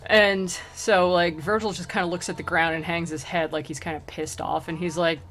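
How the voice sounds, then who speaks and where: A woman's voice: lowish voice, fairly even intonation, normal speed, few pauses, fairly bright tone. A woman streamer casually retelling a story and reading verse aloud, chatty and wry, with lots of fillers. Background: faint music.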